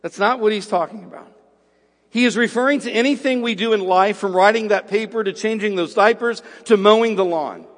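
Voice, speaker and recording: A man with a high, light voice preaches in a church sanctuary, his words ringing with a long reverb off the hall. He drops to a hushed tone when he tells a story, then slows right down and leans hard on each phrase to drive a point home. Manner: swings from hushed storytelling to slow, emphatic preaching. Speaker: pastor. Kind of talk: sermon.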